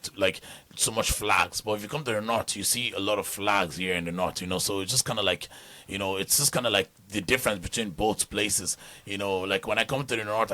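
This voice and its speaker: A man's voice: low voice, no room sound. A young man from Nigeria with an accent mixing Nigerian and Irish, chatting loosely as a podcast guest. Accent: Nigerian with Irish mix. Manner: animated, loose, often breaks into mock Irish voices. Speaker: guest, comedian and vlogger. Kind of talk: casual podcast chat.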